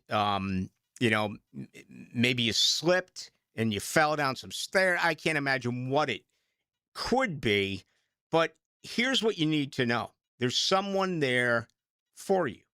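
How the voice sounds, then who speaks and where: Animated Boston sports radio host. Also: male voice, mid-range voice, clear, resonant tone, no echo, studio quality. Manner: animated, rambling, self-mocking. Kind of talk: late-night sports talk radio.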